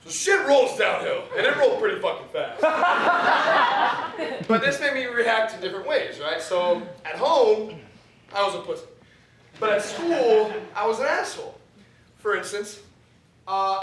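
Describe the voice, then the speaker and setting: A man's voice: high voice, noisy background. A young man performing a solo comedy show on stage, telling stories animatedly and often laughing through his lines. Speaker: stand-up performer. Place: theater stage. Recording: roomy theater, distant mic, audience laughter.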